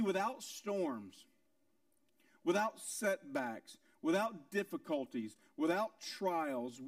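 A male pastor preaching a sermon with emphatic rhetorical questions and repeated phrases, moving between loud, high lines and quiet, low ones. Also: dry recording, studio quality, far from the mic.

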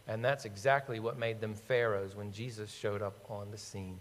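A man's voice: medium pitch, brisk, hardly any pauses, in a large hall. A man preaching a sermon as pastor, emphatic, asking his listeners rhetorical questions and quoting scripture.

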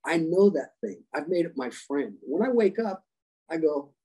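Male podcast guest, husky and mellow, animated storyteller. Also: fairly high pitch, moderate pace, poor audio. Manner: animated, acts out quoted dialogue. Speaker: guest, leadership coach and former special operations rescuer. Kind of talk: storytelling interview answers. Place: podcast conversation.

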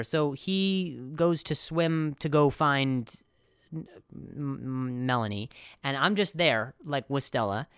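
A man's voice: on the high side, slow pace, clean tone, no echo, studio quality. A young adult man hosting a casual comedy podcast, rambling through a story with lots of jokes, asides and restarts. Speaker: podcast host.

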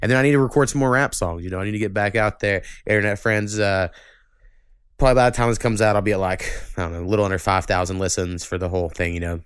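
A man's voice: on the low side, fast talker, smooth, dry recording, clean studio sound. Profane, ranting male podcast host. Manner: profane, ranting, animated when annoyed. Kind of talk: casual podcast chat.

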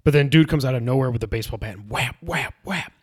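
In a casual chat, a man with a medium-pitched voice recaps a show at a rapid-fire pace. He animatedly retells it, acting out its scenes in a raised voice.

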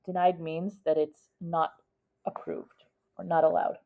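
A woman's voice: deep voice, flat delivery, measured pace, vocal fry. A woman reading a picture book aloud to a child, stopping to explain words, on a dull lo-fi recording. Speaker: reader to a child.

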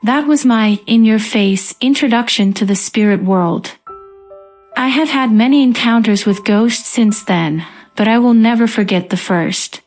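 A woman reading a first-person ghost story as scripted narration in a calm, even manner. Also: fairly high pitch, measured pace, soft background music.

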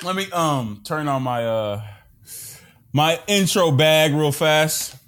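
A man's voice: a little high, takes it slowly, a bit bright, slight background noise. A man hosting a podcast in casual chat, hyped and playful, talking with a lot of energy. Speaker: podcast host.

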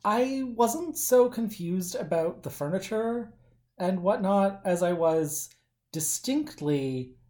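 A podcast co-host chatting casually in a dry, teasing way. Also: male voice, sits high, lively intonation, slow, darkish tone. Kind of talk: casual chat.

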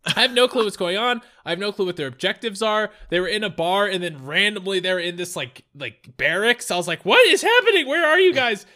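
A man co-hosting a podcast, telling stories in a casual, animated way with laughs. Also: high-pitched, brisk. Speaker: podcast co-host. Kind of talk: casual chat.

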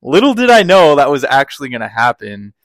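A man co-hosting a casual sports podcast, talking excitedly with lots of fillers and restarts. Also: mid-range voice, fairly quick, no echo. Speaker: podcast co-host.

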